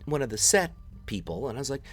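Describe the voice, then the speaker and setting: A man's voice: medium pitch, sing-song, fast talker, slightly rough, soft background music. A man in his thirties from the New York area talks over his gameplay like he's chatting with friends. He rambles, teases his viewers and lets his voice swing widely up and down as he tells a story. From New York area, United States. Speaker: gameplay commentator.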